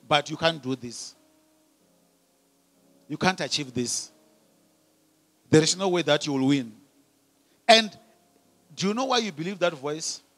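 A man preaches in a church, throwing questions at the congregation and answering them. His voice sits high and ringing, with a keen, bright edge. Faint music plays behind him. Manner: call-and-response preaching, swelling from quiet to loud. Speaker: pastor. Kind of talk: sermon. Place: church hall.

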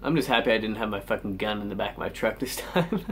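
A man's voice: lowish voice, expressive, fast talker, fairly bright tone, a little hiss or hum. A teenage boy ranting angrily in a vlog, swearing constantly and sighing in exasperation. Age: teens. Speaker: vlogger.

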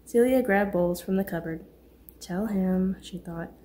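A woman narrating a Christian suspense audiobook with a steady, measured reading. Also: mid-range voice. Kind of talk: scripted narration.

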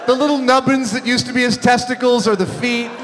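A man in his forties telling funny stories live on a theater stage, animated and excitable, swinging between loud bursts and hushed asides. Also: extremely high pitch, brisk. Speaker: stage storyteller. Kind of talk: live comedic storytelling on stage. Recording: theater reverb, faint hall noise.

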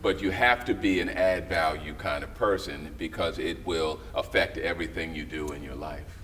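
Deep-voiced middle-aged man telling stories. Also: normal speed. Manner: animated storyteller who acts out quoted voices. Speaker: guest, writer and director. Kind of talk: storytelling in a casual interview. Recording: slightly distant mic with faint background noise.

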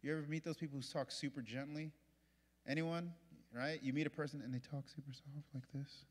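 A male pastor preaching a sermon in a large church auditorium, repeating his points and moving from hushed to loud. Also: a little high, steady tone, a little fast. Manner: impassioned, repetitive preaching that swings from hushed to loud. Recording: long hall reverb.

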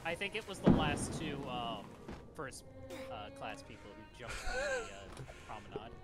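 A man co-playing on a game stream in casual chat, explaining things quickly and matter-of-factly. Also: mid-range voice, very animated, over loud music.

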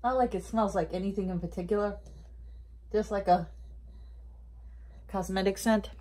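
Woman vlogger, relaxed rambling product review, average pitch. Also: normal speed. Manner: chatty, rambling, thinking aloud; talks with mouth full of candy. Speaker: haul vlogger.

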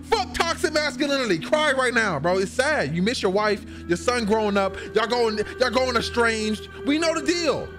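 A young man with a high, very lively voice reacts to the video game he's playing, excitable and profane, erupting into loud outbursts between joking banter. He talks at a moderate pace with hardly any pauses, and music plays in the background.

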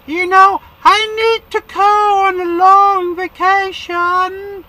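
A man doing a shrill prim old queen. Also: flat delivery, slow pace, bright, forceful tone, heavily acted. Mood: wheedling. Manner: prim, prattling, pleading. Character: elderly female monarch begging for money. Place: inside a van.

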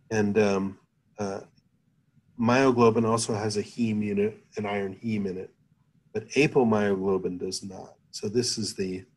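Husky, low-voiced man lecturing hesitantly. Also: poor audio. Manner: hesitant, thinking aloud with many fillers. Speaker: chemistry lecturer. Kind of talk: university lecture over a video call. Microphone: computer mic on a video call.

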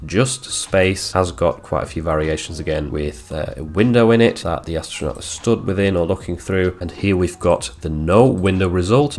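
A man hosting a screen-recorded software tutorial, explaining each step plainly as he walks through the clicks. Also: sits low. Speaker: tutorial host.

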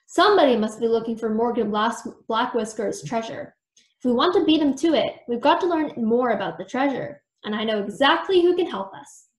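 A woman voicing a confident, playful woman sleuth with a brisk, teasing way of talking, recorded in a roomy space. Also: on the high side, expressive, natural voice. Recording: roomy echo.

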